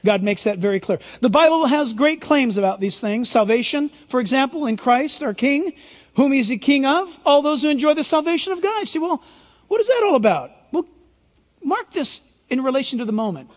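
Guy preaching real high-pitched, big echoey hall, kinda muffled recording. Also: animated, a little fast. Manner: emphatic preaching with rhetorical questions. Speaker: pastor. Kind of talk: sermon. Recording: reverberant hall, dull lo-fi sound.

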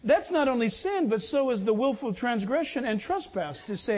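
A man preaching a sermon as pastor, animated, swinging between loud urging and low asides. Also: moderate pace, dull audio.

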